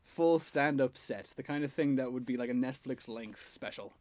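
A man's voice: medium pitch, moderate pace, crowd noise. A man co-hosting a podcast in casual chat, jokey and sweary, telling rambling jokes, recorded in a garage. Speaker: podcast co-host.

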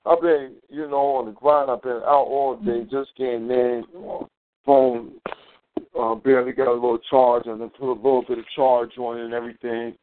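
A man's voice: medium pitch, flat delivery, moderate pace. A man hosting a casual live talk show, ranting in a heated, profane, rambling way. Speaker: show host. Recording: tinny phone-quality audio.

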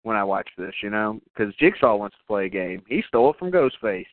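A man co-hosting a podcast, chatting casually and profanely about a movie, acting out characters in high voices. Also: big pitch swings, a little fast. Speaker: podcast co-host. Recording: tinny phone-like sound, dry.

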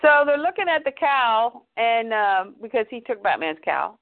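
A woman's voice: fairly high pitch, big pitch swings, moderate pace. A woman co-hosting a casual show, chatting and reading a comic story aloud over a phone-like line. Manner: chatty, narrates with quotes. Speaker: podcast co-host reading a comic.

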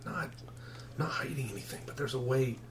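A frightened young boy whispers urgent pleas in a tabletop whispered role-play, as the game master puts him on. His hushed voice sits far from the mic over a steady noise bed. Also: medium pitch, fairly quick, natural voice. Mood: urgent, pleading. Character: scared young boy, secretive and pleading. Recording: distant noisy mic.

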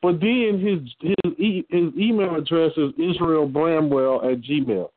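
A middle-aged man makes his points in a firm, lecturing manner, his voice sitting a little high for a man. The sound is thin and phone-like, with a dry room and no echo. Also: unhurried. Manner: emphatic, lecturing. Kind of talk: casual talk show discussion. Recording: tinny phone-like line, dry.

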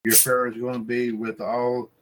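A man hosting a casual wrestling podcast, his pitch sitting in an ordinary middle range. He rambles, loops through repeated filler phrases and talks straight to his listeners as folks. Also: completely flat delivery, normal speed, low-quality recording. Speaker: podcast host.

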